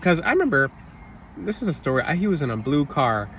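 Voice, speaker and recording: Animated rambling man telling a story. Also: fairly high pitch, brisk. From Florida. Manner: animated, rambling, with self-interruptions and shouted re-enactments. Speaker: religious vlogger. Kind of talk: casual storytelling monologue. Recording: slightly distant mic, faint outdoor traffic noise.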